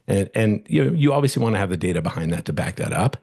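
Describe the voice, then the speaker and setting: A man's voice: fairly low pitch, lively intonation, rapid-fire, gravelly, a little mellow. A middle-aged man who is a real estate agent, teaching a webinar in a casual, rambling way with many restarts and fillers.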